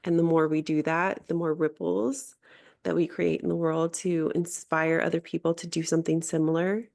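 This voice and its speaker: A woman with a fairly low, gravelly voice tells a personal story in a reflective, earnest way. She pauses often and restarts her sentences, and she has the easy delivery of a life coach speaking to her followers. Her words come in calm, unhurried stretches.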